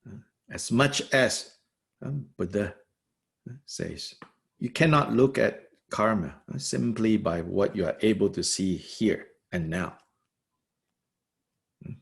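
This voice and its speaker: A man teaching as a Buddhist teacher, commenting on a text in a thoughtful, halting way with many fillers and pauses, and laughing lightly now and then. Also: fairly low pitch, gravelly. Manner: laughs lightly while explaining.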